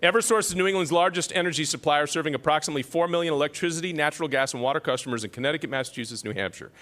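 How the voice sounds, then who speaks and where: Guy emcee at an awards ceremony, kinda high voice, reads the citations then riffs with little self-mocking jokes. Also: very fast, a bit bright. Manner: wisecracking, self-deprecating asides. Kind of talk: reading award citations with joking ad-libs.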